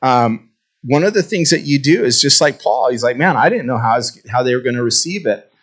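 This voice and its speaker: A man's voice: mid-range voice, lively intonation, a little fast, a bit bright, low-quality recording. A man preaching a casual, conversational sermon, reading scripture and acting out stories with quoted voices. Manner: storytelling, acts out quoted voices. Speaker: pastor.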